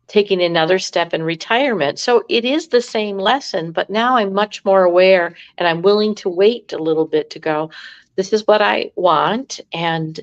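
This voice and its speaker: A middle-aged woman, a guest in a casual spiritual astrology chat, talking in a reflective, measured way. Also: fairly low pitch, dull audio.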